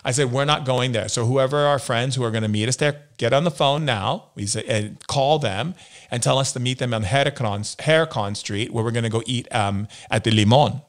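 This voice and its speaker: Brief: American man, interview guest, mid-pitched, lively storyteller who slips into quoted voices. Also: brisk. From United States. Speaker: interview guest, spiritual healer. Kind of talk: storytelling in a conversation.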